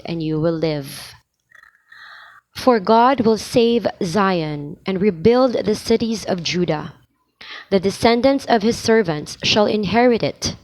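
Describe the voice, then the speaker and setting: A woman reading church readings aloud slowly and deliberately, pausing between phrases to practise for lectors. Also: fairly low pitch, darkish tone, poor audio. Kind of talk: slow liturgical reading practice.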